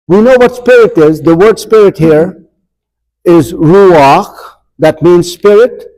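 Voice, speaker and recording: High-voiced man leading Bible study. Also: a little mellow, rough recording. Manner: asks the group questions, reads verses slowly. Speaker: adult forum teacher. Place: church meeting room.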